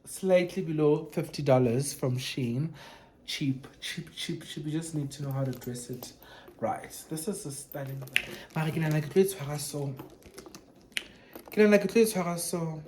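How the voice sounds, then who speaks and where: A vlogger chatting casually through an unboxing, gushing and animated, switching between English and Sesotho. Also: mid-range voice, normal speed, slight background noise.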